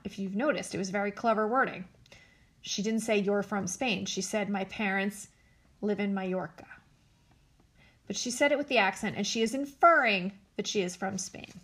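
A woman's voice: medium pitch, fairly bright tone. A woman hosting a casual commentary show, blunt and sarcastic, swearing freely as she talks.

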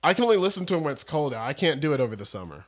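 A man's voice: a little high, sing-song, racing. A young man co-hosting a casual chat podcast, rambling and joking, often restarting his sentences. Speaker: podcast co-host.

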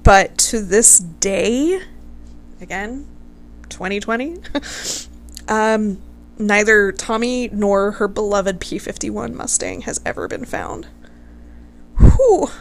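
A woman's voice: a little high, expressive, a little slow. Emotional, swearing woman telling a history story. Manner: swears freely, gushing and fangirling. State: close to tears. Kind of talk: casual emotional storytelling to viewers.

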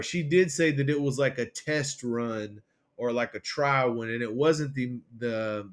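Guy ranting on a podcast, rambles, acts out quotes, mid-pitched voice. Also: a bit bright. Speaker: podcast co-host. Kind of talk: casual political chat.

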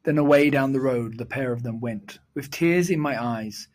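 A man reciting a rhyming children's poem in a measured, sing-song storytelling delivery. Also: medium pitch, a little mellow.

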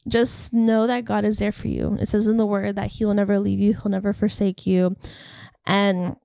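A woman's voice: mid-range voice, level tone, moderate pace, creaky, dark tone, dry recording, clean studio sound. A young woman talking casually and earnestly to camera about faith and encouragement, rambling and heartfelt. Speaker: faith vlogger. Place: California.

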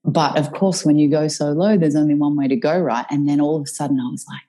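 A woman tells her own story as a guest, candid and animated. Her voice sits low and mellow with a husky edge, and she speaks with open emotion and the odd swear word. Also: fast talker, low-quality recording.

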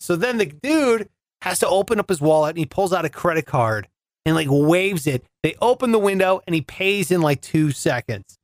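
A man's voice: on the high side, animated, moderate pace, no echo, clean studio sound. A man hosting a podcast, telling a comedic story in a chatty, sarcastic way. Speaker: podcast host.

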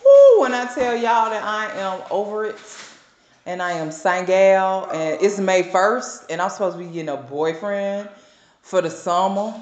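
A woman, co-hosting a podcast and telling a lively story with plenty of laughter. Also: mid-range voice, measured pace, lo-fi sound, a little hiss or hum. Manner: animated storytelling, laughs often. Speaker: podcast co-host. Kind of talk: casual chat. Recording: echoey room.

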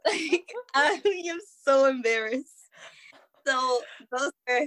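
A woman in her twenties from Venezuela, a guest telling animated stories in casual chat. She acts out her own past lines and keeps calling the listener "girl". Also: high voice, takes it slowly. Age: 20s. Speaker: guest, circus performer.

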